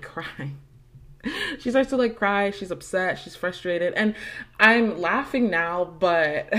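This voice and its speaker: A young adult woman hosting a podcast, telling a personal story in a casual, chatty way, swearing freely and using lots of fillers. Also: low voice. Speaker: podcast host.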